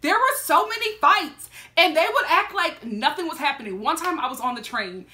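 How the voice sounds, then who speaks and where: A woman from Philadelphia telling a story in a casual reaction vlog, animated and laughing often. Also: high voice, moderate pace. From Philadelphia, USA. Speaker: reality TV reaction vlogger.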